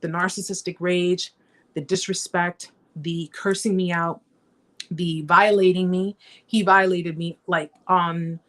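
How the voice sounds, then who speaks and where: A woman's voice: fairly low pitch, flat delivery, measured pace. A middle-aged woman hosting a live chat, telling her own story in an emphatic, repetitive way and often speaking straight to her viewers. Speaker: host of a survivor support live chat. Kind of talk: emotional live-stream storytelling.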